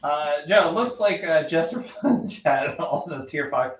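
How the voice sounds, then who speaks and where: A man's voice: on the high side, lively intonation, moderate pace, slight background noise. A man hosting a casual podcast over a card game, rambling and laughing often. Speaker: podcast host. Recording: roomy, distant, dull mic.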